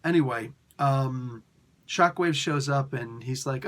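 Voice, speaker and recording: Guy chatting about comics, voice jumps way up when he acts out the characters' lines. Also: takes it slowly. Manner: animated storytelling, acts out character quotes with pitch jumps. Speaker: comic book reviewer. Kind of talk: casual recap.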